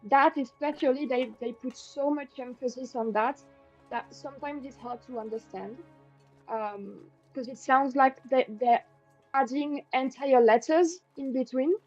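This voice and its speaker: A woman with a French accent and French as her first language, tutoring casually and pausing to search for words. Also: sits high, darkish tone, highs cut off. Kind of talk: casual explaining.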